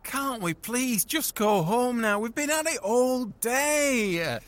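A man's voice: very high voice, lively intonation, slow pace, fairly bright tone, a little hiss or hum, exaggerated voice. An actor playing a cocky, blunt English man who talks in a brash, wisecracking way in a sitcom. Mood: fed up. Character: cocky, blunt working-class English bloke. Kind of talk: sitcom acting.

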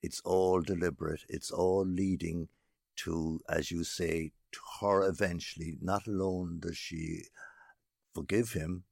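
A man co-hosting a podcast with a very deep, gravelly voice. His tone is husky, and he is recorded on a dry, close mic. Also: level tone, unhurried, darkish tone, no room sound. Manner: agreeing, emphatic. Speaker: podcast co-host. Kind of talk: casual discussion.

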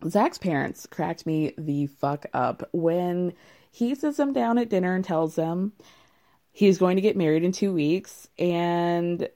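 A young woman recaps a reality show in casual commentary, wry and amused, often laughing as she talks. Her voice is fairly low and warm.

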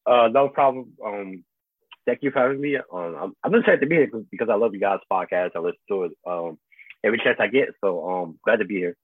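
A man's voice: lowish voice, fast talker, no echo. A man joining a casual podcast chat as a guest, hesitant and full of ums. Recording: husky tinny phone-like call audio.

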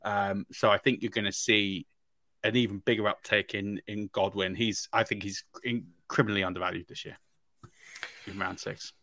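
An excitable man breaking down draft picks on a podcast. His voice is bright and forward, and the sound is dry and close. He talks emphatically and leaps up in pitch when he gets worked up. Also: moderate pace, no room sound. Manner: emphatic, excitable, frequent restarts and laughs. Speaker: fantasy football podcast co-host. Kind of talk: casual sports analysis chat.

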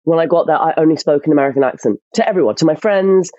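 An actress chatting as a guest in an interview, telling lively stories with lots of restarts. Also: female voice, sits low, quick pace, no room sound, highs cut off. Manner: animated storyteller, frequent restarts. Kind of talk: casual interview chat.

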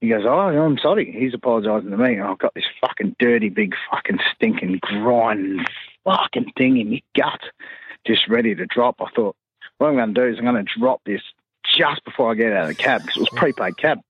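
A man with a crude, sweary way of telling a story, doing quick voices for the people in it. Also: lowish voice, husky, muffled recording.

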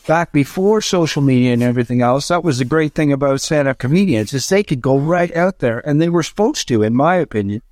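A man, a stand-up comedian, chatting casually on a podcast in a rambling, animated way with frequent restarts. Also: fairly high pitch, fairly quick, hardly any pauses, dry recording, studio quality.

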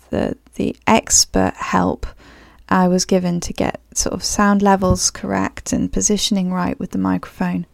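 A woman's voice: medium pitch, vocal fry, darkish tone, no room sound, clean studio sound. A woman with a clipped, slightly posh English accent, musing thoughtfully on her solo podcast with frequent ums and restarts. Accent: English, clipped and a bit posh. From grew up abroad as a third culture kid. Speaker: podcast host. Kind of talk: reflective solo podcast monologue.

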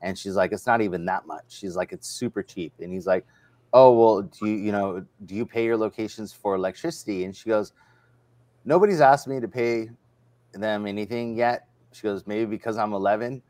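Guy hosting a stream, low voice, chatty and rambling, dry sound. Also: brisk, a little mellow, no room sound. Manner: rambling, retells stories in quoted dialogue. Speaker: livestream host. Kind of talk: casual chat.

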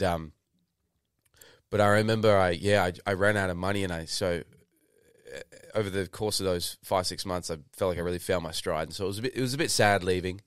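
A man's voice: sits low, clean tone, no room sound, studio quality. A man in his twenties with an Australian accent, telling stories in a loose, rambling way as a podcast guest, with many fillers and restarts. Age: 20s. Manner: rambling, lots of fillers and restarts, swears casually. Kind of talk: casual interview storytelling.

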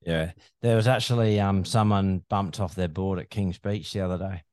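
A man co-hosting a podcast, chatting in a relaxed way and swearing casually. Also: sits low, normal speed, smooth, dry recording, studio quality. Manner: laid-back, swears casually. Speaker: podcast co-host. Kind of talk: casual chat.

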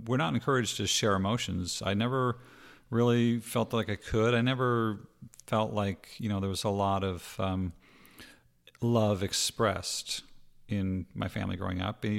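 A man's voice: fairly low pitch, vocal fry. A middle-aged man co-hosting a podcast, talking reflectively and thinking aloud with many fillers. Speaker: podcast co-host. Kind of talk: casual podcast conversation.

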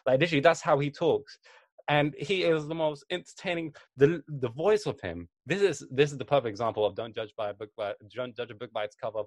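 A man's voice: mid-range voice, fairly quick, no room sound, low-quality recording. Swearing, laughing male podcast host. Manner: animated storyteller, swears, laughs a lot. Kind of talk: casual chat.

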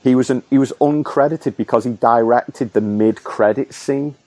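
A man's voice: medium pitch, moderate pace, mellow, dry recording. A man chatting casually about films in a wry, informative way. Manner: wry, dry-humoured, informative. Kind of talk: casual film chat.

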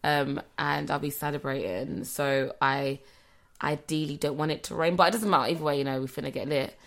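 Brash woman with a gravelly low voice. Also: steady tone, a little fast. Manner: brash, swearing, playful teasing. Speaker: podcast co-host. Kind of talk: casual chat.

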